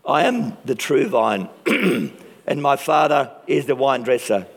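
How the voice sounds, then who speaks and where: A man preaching a sermon with passion and dramatic pauses, his voice strained from use. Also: mid-range voice. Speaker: pastor. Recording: long reverb of a large hall.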